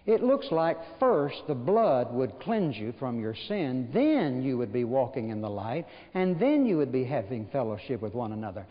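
A man preaching a sermon in a folksy storytelling way, asking his listeners rhetorical questions and joking gently. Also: fairly high pitch. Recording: dull recording with long hall reverb.

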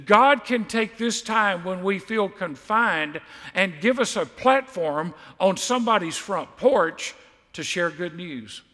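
Emphatic preacher, high bright voice. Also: male voice, in a large hall. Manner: emphatic, repeats phrases for stress. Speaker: pastor. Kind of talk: sermon.

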